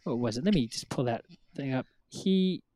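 A man's voice: medium pitch, animated, moderate pace, mellow, dry recording. A man co-hosting a casual podcast chat, rambling with many fillers and acting out quotes. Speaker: podcast co-host.

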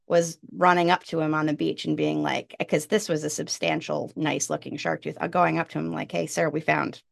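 Low gravelly woman telling a story. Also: a little fast, no room sound, studio quality. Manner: animated, jumps up in pitch for quoted lines. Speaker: podcast guest. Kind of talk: casual storytelling.

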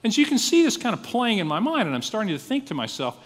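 A male pastor preaching a sermon, telling his story in a lively, animated way and acting out his own thoughts. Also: sits high, fast talker, few pauses, in a large hall.

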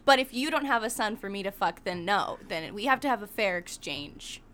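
A woman's voice: mid-range voice, expressive, a little fast, fairly bright tone, a little hiss or hum. A woman co-hosting a podcast in casual chat, laughing often and talking frankly and dramatically. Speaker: podcast co-host.

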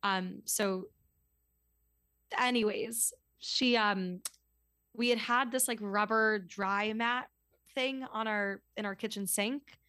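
A woman in her twenties telling a story as a podcast guest, in a casual, chatty way full of "like" and quick asides. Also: medium pitch, no echo, studio quality. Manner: chatty, lots of "like", animated retelling.

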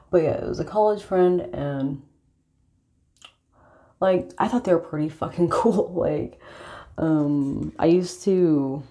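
A woman's voice: sits low, takes it slowly, pauses often, warm tone. A young woman talking through a casual confessional monologue in a rambling, profane way, full of filler words. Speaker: vlogger.

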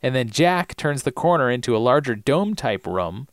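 A man's voice: mid-range voice, big pitch swings, moderate pace, no echo, studio quality. A man co-hosting a podcast, casually retelling a TV episode in a loose, rambling way. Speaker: podcast co-host.

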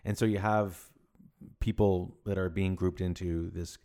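A man co-hosting a casual podcast chat, measured and wry. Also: sits low, fairly even intonation, warm tone. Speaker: podcast co-host.

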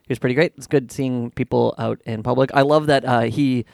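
A man's voice: mid-range voice, fairly even intonation, a little fast, gravelly, a little mellow, dry recording, clean studio sound. A man co-hosting a comedy podcast, chatting casually and teasing his friends. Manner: teasing, many fillers and restarts. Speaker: podcast co-host.

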